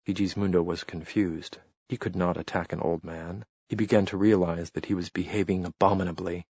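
A man narrating a novel in a measured, steady reading. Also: sits low, breathy edge, no room sound, lo-fi sound. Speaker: audiobook narrator. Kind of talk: scripted narration.

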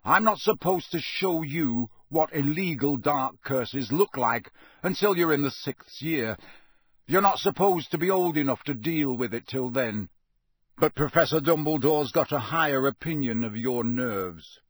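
A man reading aloud, voicing a gruff, scarred old male wizard teacher who speaks in a blunt growl. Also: a little high, animated, a little slow, no room sound.

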